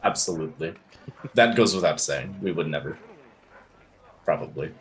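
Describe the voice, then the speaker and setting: A man playing his character in a tabletop game, calm and measured. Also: very deep voice, slight background noise, poor audio. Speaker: player.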